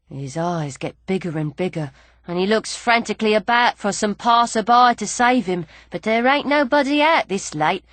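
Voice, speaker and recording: A woman narrating a first-person novel in a spirited, plainspoken voice, dropping into rough street grammar. Her pitch sits in the middle of the range. The sound is close and completely dry, with no room around it. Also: no room sound. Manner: lively dialect storytelling, working-class grammar. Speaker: audiobook narrator.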